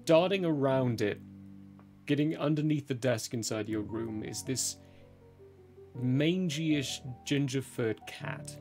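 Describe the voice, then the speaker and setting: Game master, male, gravelly fry in the voice, relaxed scene narration. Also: medium pitch, slow pace, soft background music. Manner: relaxed, describes scenes, laughs easily.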